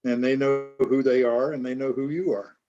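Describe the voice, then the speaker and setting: A man's voice: medium pitch, steady tone, moderate pace, dull audio. A man from Florida, an author guest, talking in a plain, easygoing way. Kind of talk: casual chat.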